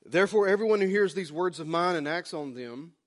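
A pastor in his forties with a drawl delivers a sermon like a casual chat, slipping into little acted-out asides. His voice sits a touch high for a man. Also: lively intonation, brisk. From Oklahoma. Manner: folksy, conversational preaching with acted-out asides.

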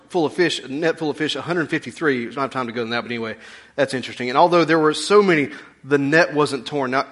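Preaching with folksy humor, this male pastor alternates between booming outbursts and quiet asides, all in a mid-range voice.

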